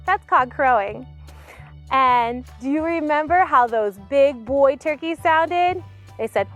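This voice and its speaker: A woman hosting a farm tour for children, talking in an animated way straight to young viewers, outdoors on a farm. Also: high-pitched, unhurried, highs cut off, soft background music. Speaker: host showing a farm to children. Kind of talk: children's educational talk.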